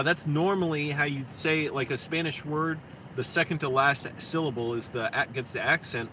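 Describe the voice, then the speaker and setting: A slightly high-voiced man rambles into his phone camera, cursing freely as he vents. A steady air-conditioning hum runs clearly under his voice in the noisy car recording. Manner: profane, rambling, quick to vent. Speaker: vlogger. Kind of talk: rambling casual monologue.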